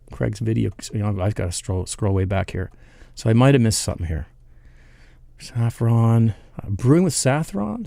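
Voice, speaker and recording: A man's voice: fairly low pitch, gravelly, warm tone, dry recording. A man hosting a live home brewing stream, chatting loosely and reading viewer comments aloud, rambling and laughing at himself as he loses his place.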